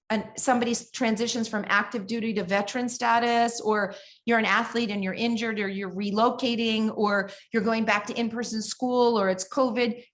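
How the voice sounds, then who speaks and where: A woman giving a keynote talk at a conference, telling stories in an animated way and often asking "right?" and "you know". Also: a little high. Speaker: keynote speaker.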